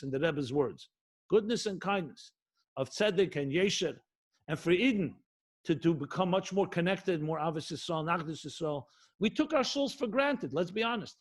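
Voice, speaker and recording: A middle-aged man, a rabbi, giving an impassioned sermon with emphatic repetition and rhetorical questions. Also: high voice. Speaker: rabbi teaching Jewish spirituality.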